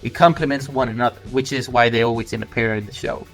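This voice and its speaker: A man co-hosting a casual podcast who works through an idea slowly and thoughtfully. He restarts sentences as he goes, in a middle-pitched voice. Faint music plays underneath. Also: fairly even intonation, a bit bright.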